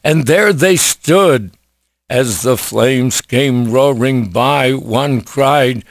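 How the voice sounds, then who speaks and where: A man preaching an evangelistic sermon, slow and emphatic, with many rhetorical questions. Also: mid-range voice, dry recording, studio quality.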